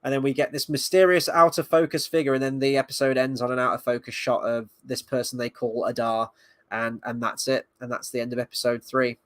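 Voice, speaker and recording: A man's voice: medium pitch, flat delivery, fairly quick, fairly bright tone, no echo. Sarcastic, rambling male reviewer. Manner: rambling, sarcastic, swears, mocks scenes in quoted voices. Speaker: video reviewer. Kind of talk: casual spoken review.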